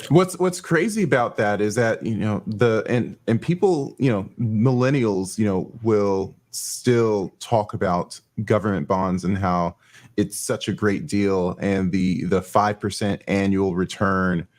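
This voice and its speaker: A man co-hosting a casual chat, explaining his points in a measured way with some fillers. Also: lowish voice, darkish tone.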